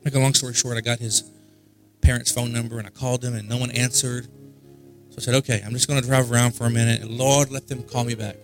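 A man's voice: mid-range voice, flat delivery, fast, soft background music. A man preaching at a worship service. He tells a story in a casual, conversational way and often repeats himself for emphasis. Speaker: pastor. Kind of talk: sermon. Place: church service.

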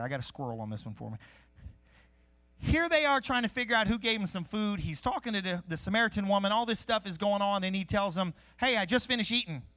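A man preaching a sermon in a conversational, animated way, teaching from scripture with jokes and asides. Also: high voice. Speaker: pastor. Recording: live-streamed sermon.

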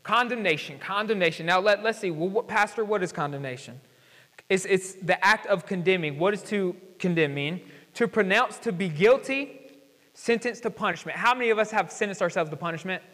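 A young man preaching a sermon as pastor, mixing slow emphatic scripture reading with slangy asides and rising, fervent stretches. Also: high voice, a bit bright. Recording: church hall with long reverb.

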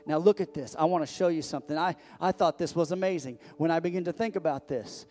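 A man's voice: fairly high pitch, fast talker, mellow, faint music behind. A man preaching a sermon as pastor, talking conversationally and breaking into sudden emphatic rises.

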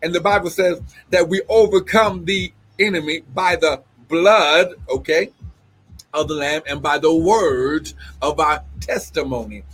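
A man ministering as a prophet in a live-streamed service, fervent, breaking into shouts and tongues with constant exclamations of "glory". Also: on the high side, unhurried, breathy edge.

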